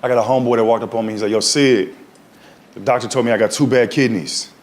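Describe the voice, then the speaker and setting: A man's voice: medium pitch, steady tone, very fast, a crowd in the background. A man doing a stand-up set on stage with a handheld mic, telling stories in loose slang and tossing in tag questions. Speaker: stand-up comedian. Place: comedy stage before a live audience. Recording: live audience laughter.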